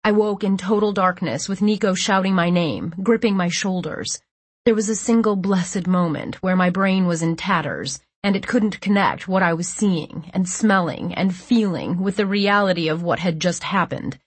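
A woman reading a first-person audiobook narration in a steady, measured way. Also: on the low side, breathy edge, no echo.

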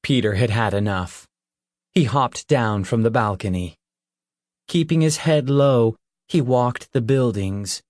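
A man reading a dark novel aloud at a slow, unhurried pace, with a mid-pitched voice. The recording is close and dry, like a home booth. Each sentence is laid down evenly and deliberately. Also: dry recording. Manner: measured, even storytelling. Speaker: audiobook narrator. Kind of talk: scripted audiobook narration.

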